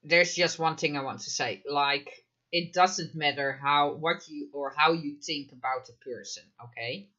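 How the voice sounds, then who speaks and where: A man's voice: fairly high pitch, measured pace, sharp tone, highs cut off. A man commenting live in a casual chat, emphatic, firing off rhetorical questions and frequent fillers. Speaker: mental health commentator.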